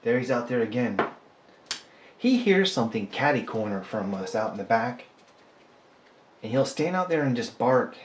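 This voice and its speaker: A man's voice: medium pitch, sing-song, moderate pace, long pauses, a little hiss or hum. Rambling man in an echoey room. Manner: rambling, joking, self-deprecating. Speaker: polymer clay artist. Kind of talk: casual chat while sculpting. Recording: echoey room, faint ambience.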